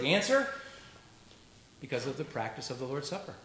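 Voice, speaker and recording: A man's voice: mid-range voice, sing-song, brisk, a bit bright. A male pastor preaching a sermon in a church. He talks in a conversational way and makes joking asides to the congregation. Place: church sanctuary. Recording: echoey church recording with faint noise.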